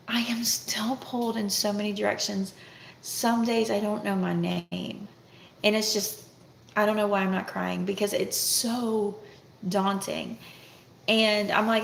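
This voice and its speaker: A woman's voice: mid-range voice, vocal fry, fairly bright tone. A middle-aged woman vlogging about family life in a candid, rambling, self-reflective way. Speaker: vlogger, homeschooling mother. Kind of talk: casual talk to camera. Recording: echoey room with faint noise.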